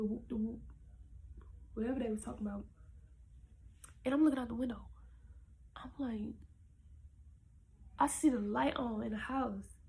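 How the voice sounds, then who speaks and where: A woman's voice: fairly high pitch, creaky, rough recording. Young woman telling a story, half-whispered. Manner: animated, often dropping to a whisper. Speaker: vlogger. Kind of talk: casual storytime.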